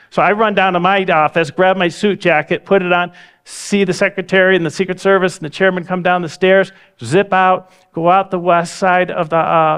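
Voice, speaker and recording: A man with a slightly higher voice tells a story at a talk. He acts out the quoted dialogue as he goes, and the telling is vivid. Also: fairly bright tone, smooth. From United States. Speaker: speaker. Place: lecture hall.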